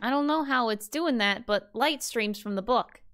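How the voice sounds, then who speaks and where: Brief: young woman streamer, high and bright, reads story text aloud in first person, playful, laughs at her own accent slips. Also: moderate pace, over music. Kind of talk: reading game text aloud.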